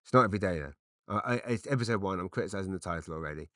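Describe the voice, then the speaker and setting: A man's voice: low-pitched, expressive, very fast, pushed and bright, no echo, studio quality. A middle-aged man from Britain, a comedian rambling through an unscripted solo podcast with lots of fillers and restarts, self-deprecating.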